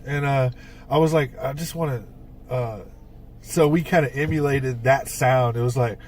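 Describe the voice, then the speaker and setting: Male podcast co-host, mid-pitched and conversational, a rambling storyteller full of fillers who sits off-mic. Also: moderate pace, far from the mic, a little hiss or hum. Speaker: podcast co-host and band songwriter. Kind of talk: casual chat.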